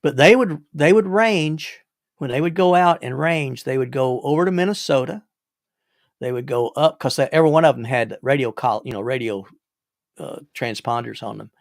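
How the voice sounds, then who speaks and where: An older man hosts a livestream, telling rambling, casual stories full of repeated words and chuckles. His medium-pitched voice is creaky and moves at normal speed, captured in a dry, studio-quality recording.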